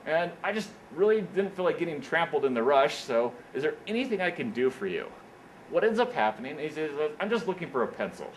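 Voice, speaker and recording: A man delivers a motivational career talk in an indoor meeting room, telling stories with an animated, repetitive rhythm. His voice sits a little higher than most men's. A faint background noise runs under his speech. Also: a little fast, low-quality recording. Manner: animated storyteller, repeats "what happens is, is that". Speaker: speaker at an engineering career event.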